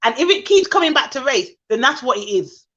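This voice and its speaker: A woman with a Jamaican accent speaks in a high voice, heated and indignant as she makes her point in casual conversation. The audio is a little muffled and lo-fi, like a video call. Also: very animated, fairly quick, fairly bright tone. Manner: impassioned, indignant. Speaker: nanny podcast host.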